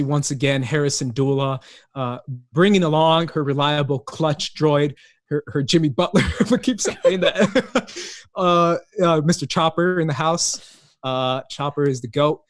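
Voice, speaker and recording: A man's voice: a little high, steady tone, normal speed. A man co-hosting a casual chat, upbeat and laughing often. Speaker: co-host.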